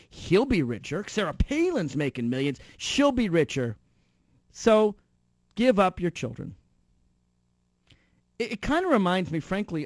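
A man giving a sarcastic political monologue that builds to loud outbursts. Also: fairly high pitch, no room sound, clean studio sound. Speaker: political commentator. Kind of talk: animated satirical monologue.

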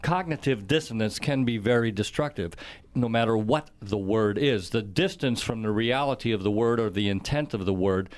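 A man on a radio panel making a measured, analytical point. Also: fairly low pitch.

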